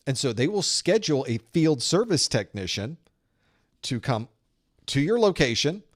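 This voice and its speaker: A man's voice: on the high side, sing-song, moderate pace. Man teaching a live networking study group. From Southern United States. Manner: conversational, explains with analogies and playful sound-effect narration. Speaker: IT certification instructor hosting a live study group.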